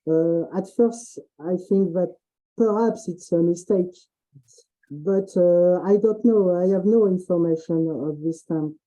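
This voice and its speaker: A man with a French accent giving an expert presentation in English, halting with many fillers and restarts. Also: high-pitched, warm tone, rough recording. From France. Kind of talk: online presentation and Q&A.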